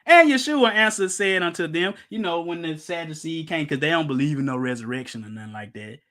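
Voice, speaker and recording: A middle-aged male preacher with a notably high voice, teaching scripture in a loose, conversational sermon. He is emphatic, pushes his listeners with rhetorical questions, and drops jokes along the way. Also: animated, brisk, bright, forceful tone. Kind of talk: informal Bible-teaching sermon.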